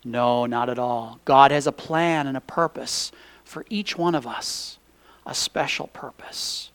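A man preaching a sermon, swinging from loud urgent pleading to hushed near-whispers and stretching out key phrases. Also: mid-range voice, smooth. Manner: preaching with drawn-out emphatic phrases. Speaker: pastor.

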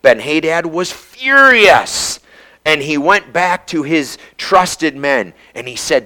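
A man preaching with a voice that rides high and swoops far up and down as he retells a scripture story. He slips into quick character voices for the people in the tale, then reads the verses in a steady, measured cadence. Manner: animated storytelling, briefly acting out the voices of biblical characters. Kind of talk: sermon.

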